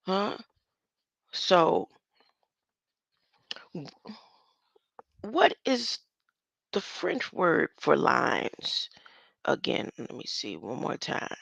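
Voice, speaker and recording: Older woman, heavy gravel, bright tone, rambling stream chat, dull lo-fi recording. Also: low-pitched, big pitch swings, drawn-out words, long pauses, no room sound. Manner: rambling, musing aloud, laughs often. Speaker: online streamer. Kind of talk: casual solo talk on word meanings.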